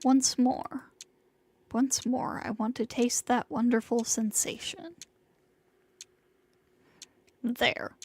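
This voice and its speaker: A woman streamer reading a visual novel aloud in a dramatic, hushed way, sometimes sinking into whispers. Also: a little high, steady tone, slightly rough, no room sound. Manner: slow and hushed, sinking into whispers in tense passages.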